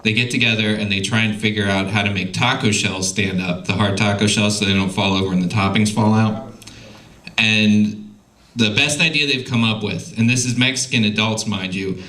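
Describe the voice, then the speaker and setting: A young male stand-up comedian telling profane, animated stories on a comedy club stage into a handheld mic. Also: lowish voice, normal speed. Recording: loud noisy live club recording.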